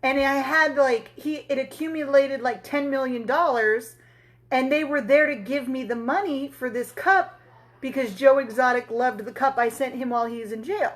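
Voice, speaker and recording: A woman's voice: high voice, moderate pace. A woman hosting a casual crafting livestream, telling a story in a chatty way and talking to viewers as she works. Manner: chatty storyteller, answers viewers, swears and laughs freely. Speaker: tumbler crafting livestream host.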